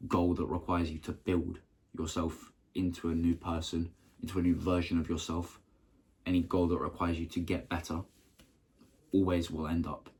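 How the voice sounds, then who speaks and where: Earnest young man, deep husky voice. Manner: earnest, talks in short halting phrases with restarts. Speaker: motivational vlogger. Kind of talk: casual motivational talk to camera.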